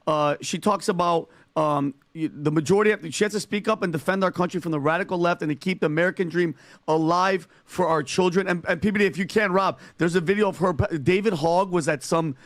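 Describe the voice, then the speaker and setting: A man with a high voice talks fast and hurried in casual chat, breaking up his sentences with fillers. His sound is dry and close. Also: no echo.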